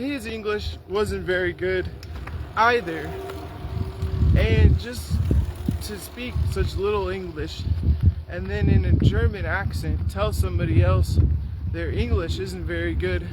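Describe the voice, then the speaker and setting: A man's voice: high-pitched, a little slow. A young man chatting casually in a walking vlog on a riverside trail, rambling with frequent restarts, recorded on a carried phone. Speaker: vlogger. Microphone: phone or camera carried while walking. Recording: loud outdoor noise, wind. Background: loud outdoor ambience and wind.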